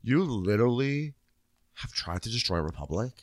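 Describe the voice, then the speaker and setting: A man casually recapping a reality show episode with a co-host, mocking and animated, slipping into quoted voices. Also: lowish voice, moderate pace, no room sound, clean studio sound. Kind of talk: casual comedic chat.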